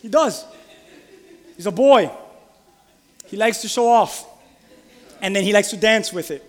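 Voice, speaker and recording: A man preaching a sermon with passion, asking his congregation direct questions and building to loud, emphatic peaks. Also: high voice, animated, a little slow, long reverb tail. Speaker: pastor.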